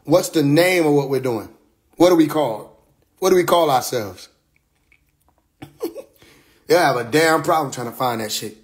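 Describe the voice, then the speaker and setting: Black guy on a phone live stream, voice a bit high, laid-back streetwise talk, cusses and laughs a lot. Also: unhurried, pauses often. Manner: loose, streetwise, profane, laughs often. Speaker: livestream host. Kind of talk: casual livestream monologue. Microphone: phone livestream.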